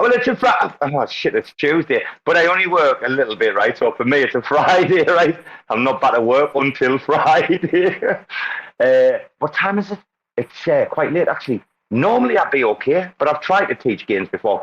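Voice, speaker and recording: Joking man hosting a lo-fi call. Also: medium pitch. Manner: loud, joking, swearing banter. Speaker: host. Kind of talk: casual chat on a live audio room. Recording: dull lo-fi online call audio.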